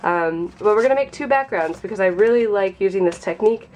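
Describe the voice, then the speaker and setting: A young woman hosting a casual craft tutorial, sounding nasal from a sinus infection and explaining in a chatty, relaxed way. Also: mid-range voice, fairly quick, slight background noise.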